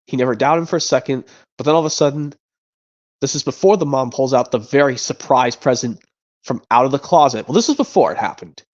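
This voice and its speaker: A man's voice: medium pitch, fast, a little mellow. A man casually explaining movie scenes on a stream, rambling and restarting his sentences. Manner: rambling, stop-start retelling. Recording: dull lo-fi stream audio.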